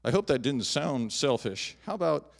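Animated preaching man, pastor. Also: medium pitch, normal speed, vocal fry. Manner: animated preaching, rising loud on emphatic lines, dropping soft on personal asides. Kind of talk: sermon. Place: church sanctuary.

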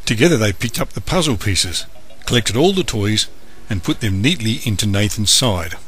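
A man reading a bedtime story aloud, gentle and measured. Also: lowish voice, animated, breathy edge, faint music behind.

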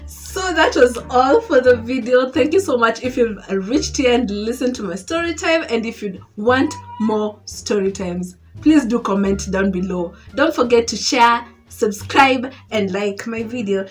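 Animated Kenyan woman telling a story. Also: a little high, unhurried, few pauses. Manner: animated, code-switching English and Swahili slang. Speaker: vlogger. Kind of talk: storytime vlog.

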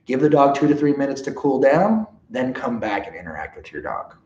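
A man teaching a dog training seminar with a lively, swooping delivery that keeps checking in with "okay?" and "right?". The sound is dull and lo-fi, in a roomy space. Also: medium pitch, a little fast.

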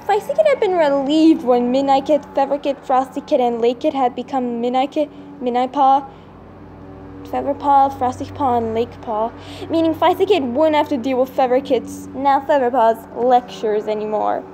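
A woman reading her own fan story aloud, halting now and then to restart and fix words. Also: high-pitched, warm tone, a little hiss or hum. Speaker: storybook reader.

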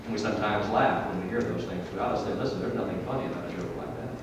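A man preaching a sermon in a church, swinging from loud emphatic peaks to low, quiet drops. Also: racing, background noise. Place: church hall. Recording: echoey hall from far off.

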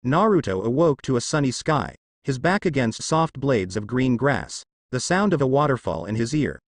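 A man reads a fan fiction adventure aloud with an animated, up-and-down storytelling delivery. The sound is dry and close to the mic, with no room around it. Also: medium pitch, normal speed, dry recording. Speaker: narrator.

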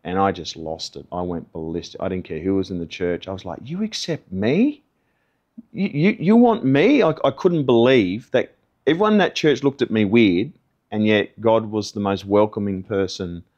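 A man's voice: low-pitched, normal speed, a little mellow, dull audio. A middle-aged man gives a personal testimony, telling his story in an earnest, conversational way. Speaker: testimony guest.

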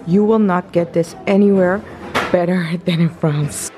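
A young woman chatting excitedly on her travel vlog, gushing and laughing often. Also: on the low side, unhurried. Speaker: travel vlogger. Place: outdoors in countryside and indoors at breakfast.

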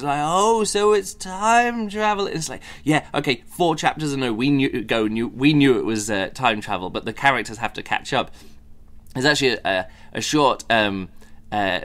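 Man of middle pitch, casual podcast reviewer, loose and rambling, fond of mocking little impressions. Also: a bit bright. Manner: rambling, many fillers and restarts, mocking mimicry. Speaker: podcast host reviewing a book.

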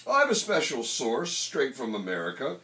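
A man voicing a calm, knowing secondhand record dealer who speaks in an assured way. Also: mid-range voice, normal speed. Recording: roomy, distant mic.

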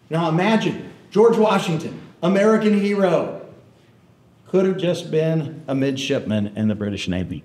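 A man, a historian, tells an animated story to an audience and keeps checking in with them. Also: a little high, moderate pace. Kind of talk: storytelling lecture. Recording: roomy hall echo.

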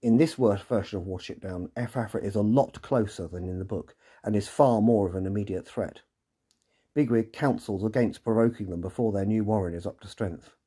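A man narrates a scripted podcast recap, slipping in dry, sarcastic comments as he goes. His voice sits low and mellow, with a husky edge. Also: a little fast. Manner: dry, wry and sarcastic asides.

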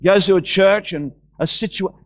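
High-pitched preaching man, Australian accent. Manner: emphatic, slow repeated Bible phrases. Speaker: pastor. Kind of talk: sermon. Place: church.

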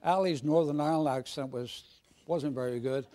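A man's voice: fairly high pitch, normal speed, warm tone, a faint crowd, slight background noise. A man preaching a sermon in a jovial, conversational way with frequent restarts. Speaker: guest preacher.

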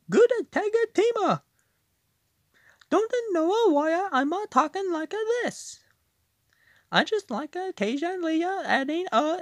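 A woman putting on a goofy, squeaky gamer voice, dropping "uh" fillers between her words. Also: no echo, studio quality, full character voice. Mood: excited. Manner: stretched words with "uh" fillers between them, playful. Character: goofy squeaky over-the-top gamer voice, adult. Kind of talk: playful put-on voice while gaming.

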